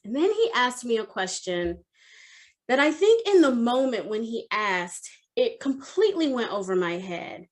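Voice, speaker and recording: Animated woman telling a story. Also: on the high side, unhurried. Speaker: career development coach. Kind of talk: motivational storytelling talk.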